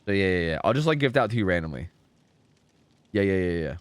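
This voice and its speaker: A man's voice: low voice, fast talker, clear, resonant tone, no room sound. A man hosting a live game stream, chatting casually and explaining match rules with lots of fillers. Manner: animated, rambling, full of fillers.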